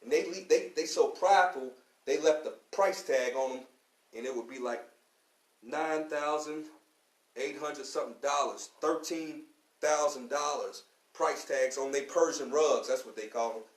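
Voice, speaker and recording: This slightly high-voiced man keeps a measured pace while giving a fiery preaching lecture in street slang as the class teacher on a radio show. He's from Louisville, Kentucky, and he repeats "you know what I'm saying." The low-quality recording has a lot of reverb.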